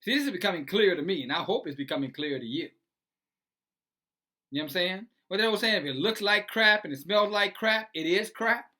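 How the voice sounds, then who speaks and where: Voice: mid-range voice, expressive, a little fast, bright, forceful tone. An online commentator who reads news aloud and preaches about it in a sarcastic way, full of rhetorical questions.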